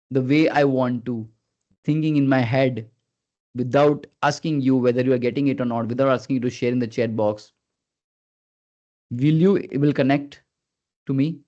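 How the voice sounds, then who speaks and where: A man leading a live online training session as a communication skills trainer, earnest and coaxing, who keeps prompting his listeners and swings his pitch up and down on purpose. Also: dark tone. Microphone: video call. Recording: dull lo-fi video call audio.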